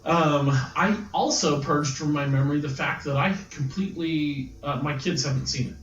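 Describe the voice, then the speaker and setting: A man in his thirties co-hosting a podcast, chatting casually and telling an animated, laughing story. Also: on the high side, moderate pace, recorded from a distance, soft background music. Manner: animated, laughing, mimics voices in stories. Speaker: podcast co-host. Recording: roomy lo-fi sound, a little off mic.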